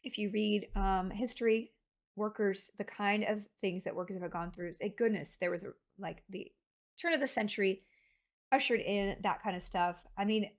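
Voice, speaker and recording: A woman's voice: medium pitch, moderate pace. A woman game streamer chatting casually and rambling to her live chat.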